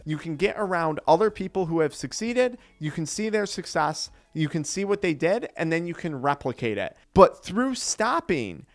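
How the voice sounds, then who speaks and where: A man's voice: a little high, no room sound. A young man, an addiction recovery coach, giving an earnest motivational talk that explains step by step. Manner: earnest, explanatory, acts out quoted voices.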